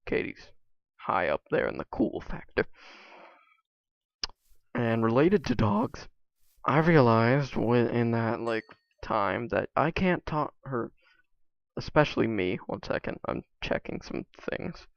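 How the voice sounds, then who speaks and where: Speaking slowly with big swings in pitch, a teen gaming vlogger rambles casually during play, full of fillers and half-finished thoughts. His mid-range voice has vocal fry. The recording is dry and muffled.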